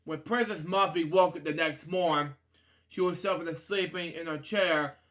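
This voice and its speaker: Man storyteller, bright tone, rambling, stumbling reads. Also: a little high, steady tone, a little slow. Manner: rambling, stumbles and restarts often. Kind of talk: reading a storybook aloud with rambling asides.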